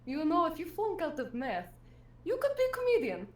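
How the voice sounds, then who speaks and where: A woman impersonating a sassy, deadpan Russian woman math teacher with a put-on Russian accent. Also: very high-pitched, a little fast, echoey room, voice pushed up, heavily acted.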